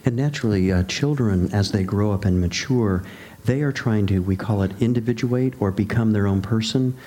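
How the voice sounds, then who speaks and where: A man hosting a casual discussion, a father who speaks in a measured way and sums up what others have said. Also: fairly low pitch, dark tone. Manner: measured, summarizing others' points.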